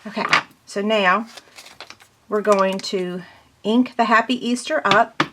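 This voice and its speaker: A woman's voice: mid-range voice, slow pace, very noisy. A woman giving a casual step-by-step paper crafting tutorial, chatty and self-deprecating as she works.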